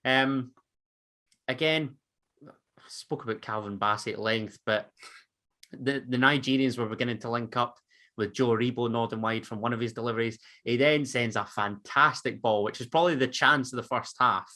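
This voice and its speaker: Bright-voiced Scottish man recapping a match. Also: mid-range voice, steady tone, normal speed. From Scotland. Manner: narrates match events, chatty and dry. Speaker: podcast co-host. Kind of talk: casual football chat and match recap.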